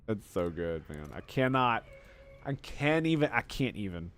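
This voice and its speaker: A man giving let's play commentary as a gaming streamer, excitable and profane, gushing over every detail. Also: on the low side, unhurried.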